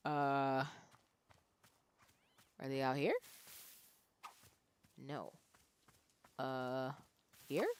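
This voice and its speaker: A woman streamer giving casual gameplay commentary, quietly muttering to herself while playing. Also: low voice, big pitch swings, slow, long pauses, slight background noise.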